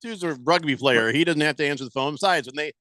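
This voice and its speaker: A man's voice: a little high, fast, bright, forceful tone, no echo. A man hosting sports talk radio, chatting casually and joking around with playful exaggeration.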